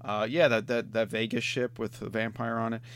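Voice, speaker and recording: A man's voice: medium pitch, flat delivery, normal speed, fairly bright tone. A middle-aged man hosting a podcast in casual, rambling chat, often tacking on "man". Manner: rambling, laid-back, says "man" a lot. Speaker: podcast host.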